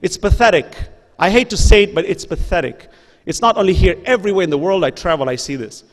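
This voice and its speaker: A man's voice: high-pitched, quick pace. A man giving an impassioned religious lecture to an audience in a school hall. He uses earnest, repeated rhetorical questions and appeals. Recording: reverberant hall.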